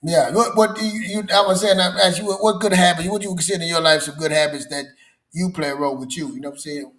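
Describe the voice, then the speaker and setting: A man's voice: a little high, steady tone, quick pace, a bit bright. A man co-hosting a podcast in an easygoing chat, often tagging his sentences with filler phrases. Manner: easygoing, keeps saying "man" and "you know what I'm saying". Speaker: podcast co-host. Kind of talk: casual chat.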